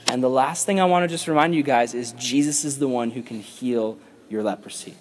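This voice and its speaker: A man giving a casual, animated sermon to young people, then leading a prayer. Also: medium pitch, fairly quick, a crowd in the background.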